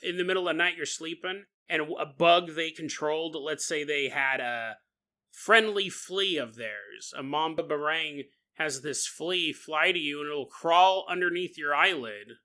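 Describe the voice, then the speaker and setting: A man hosting a comedic podcast, telling folklore with jokes, frequent laughter and quick silly voices. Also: on the high side, sharp tone. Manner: jokey, laughs often, slips into quick silly character voices. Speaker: podcast host. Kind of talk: comedic paranormal storytelling.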